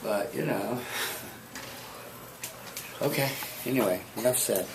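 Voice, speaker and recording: A man's voice: fairly low pitch, takes it slowly. A man teaching a debate class, giving chatty, digressive feedback to students. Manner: chatty, digressive, animated asides. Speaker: debate instructor. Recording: noisy classroom recording.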